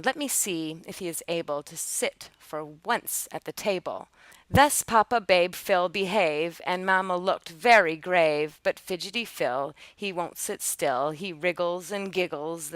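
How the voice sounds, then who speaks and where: Woman, storybook reader, rhyming children's tales, lively read-aloud, smooth clear voice, dry close sound. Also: dry recording. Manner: lively storybook reading, jumping high and loud for quoted cries. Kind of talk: reading aloud a rhyming children's picture book.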